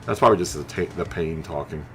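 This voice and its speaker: A man's voice: a bass voice, fast, a bit bright, soft background music. A man live-streaming a racing game, chatting loosely with his viewers in a rambling way and laughing at his own jokes. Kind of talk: casual chat with live chat viewers. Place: home streaming setup. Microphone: studio mic through a mixer.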